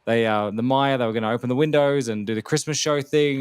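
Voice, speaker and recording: A man's voice: medium pitch, fairly even intonation, fairly quick, hardly any pauses, clear, resonant tone, no room sound. Rambling Australian man, dry sound. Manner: rambling, many restarts and fillers. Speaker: podcast host. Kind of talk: casual political chat.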